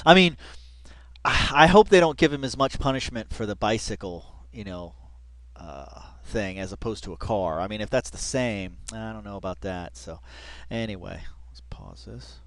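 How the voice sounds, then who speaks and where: A man's voice: fairly low pitch, moderate pace, dry recording. A man casually commenting on a video as he watches it, laid-back, laughing often and saying dude and man a lot. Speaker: reaction video host.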